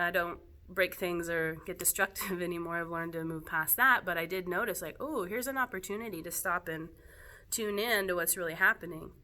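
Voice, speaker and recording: A woman teaching yoga talks to her students in a relaxed, unscripted way. Her voice is bright and clear but sits a little low, and her delivery is gentle and reflective, with soft laughs scattered through. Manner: gentle, reflective, laughs softly now and then. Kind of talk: casual spoken talk to students.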